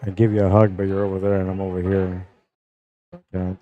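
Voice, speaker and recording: Laid-back low-voiced male stream commentator. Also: completely flat delivery, a little fast, phone-quality sound, slight background noise. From Canada. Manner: laid-back, chatty, greets viewers by name. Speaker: pool tournament streamer and commentator. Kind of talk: casual live-stream commentary.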